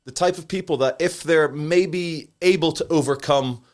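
A man's voice: on the high side, normal speed, a little mellow. A Scottish man chatting as a podcast guest, telling sardonic anecdotes with dry asides. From Scotland. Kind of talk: casual chat.

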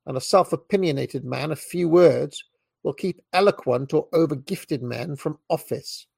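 A British man reading a book aloud in a measured way, now and then stumbling and correcting himself, with short asides of his own. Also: fairly high pitch, creaky, a little mellow, slightly rough, no room sound. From Britain. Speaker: reader.

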